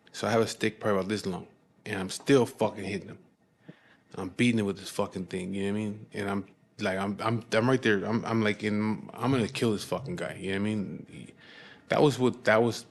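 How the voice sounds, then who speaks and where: Low-voiced blunt man telling a story. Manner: blunt and heavily profane; halting restarts and repeated words. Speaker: storyteller recounting his past. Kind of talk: casual storytelling.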